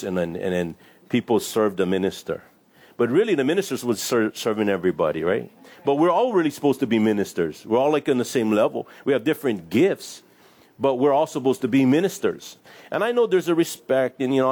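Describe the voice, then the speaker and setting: A man's voice: medium pitch, darkish tone. A man giving a casual, conversational sermon as a pastor, reading scripture and acting out little voices with laughs.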